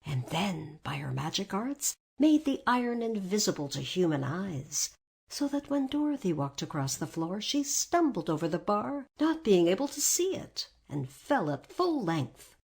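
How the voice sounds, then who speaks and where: Husky, expressive woman storyteller. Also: medium pitch, unhurried. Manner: expressive read-aloud, rising and falling. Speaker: narrator. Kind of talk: storybook narration.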